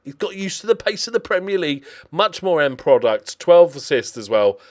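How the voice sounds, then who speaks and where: A man's voice: fairly high pitch, normal speed. A man gives casual, chatty commentary on his video game season, with many fillers and restarts. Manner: chatty and animated, with lots of fillers. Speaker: gaming commentator.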